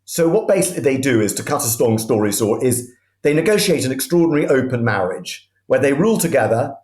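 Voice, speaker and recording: A man tells history as vivid anecdotes in conversational storytelling as a guest historian, often restarting sentences mid-thought. His medium-pitched, darkish voice is sing-song and fast, in an echoey room.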